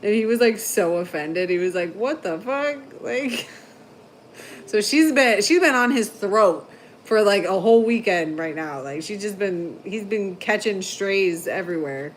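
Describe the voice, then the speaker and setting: A woman hosting a casual livestream, telling long rambling stories full of "like" and quick laughs. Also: medium pitch, lively intonation, a little hiss or hum. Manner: chatty storyteller, heavy "like" filler, frequent laughter. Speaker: livestream host.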